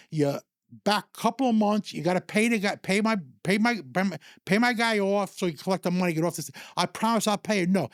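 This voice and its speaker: A man's voice: high voice, brisk, no room sound, clean studio sound. An older man from the New York area telling stories casually, rambling with restarts and chuckles. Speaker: storyteller guest. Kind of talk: casual storytelling.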